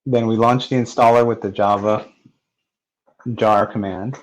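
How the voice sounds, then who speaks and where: A man narrating a technical software walkthrough step by step, in a plain manner with occasional fillers. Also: fairly low pitch, steady tone, a little slow, rough recording. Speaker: software tutorial presenter. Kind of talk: screen-recorded technical walkthrough.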